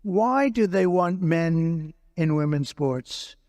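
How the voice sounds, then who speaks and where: A man's voice: on the high side, lively intonation, slow, darkish tone. A man, a politician, answering interview questions in an emphatic, repetitive way, circling back to the same phrases. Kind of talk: unscripted interview conversation.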